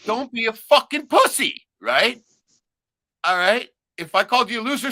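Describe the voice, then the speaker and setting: A middle-aged man ranting crudely and loudly on a casual livestream, a few beers in. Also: extremely high pitch, big pitch swings, normal speed, no room sound, studio quality. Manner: profane, rowdy, loud ranting. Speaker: livestream host.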